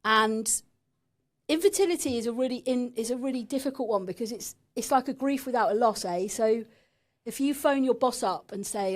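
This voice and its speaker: A woman's voice: a little high, expressive, fairly quick. A woman in her thirties from England, a podcast guest frankly telling a painful personal story and swearing now and then.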